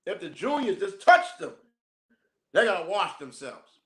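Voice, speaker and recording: A man's voice: high-pitched, sing-song, a little slow, echoey room. A man teaching as a minister, reading a text aloud and breaking off into slangy, joking asides with frequent laughs.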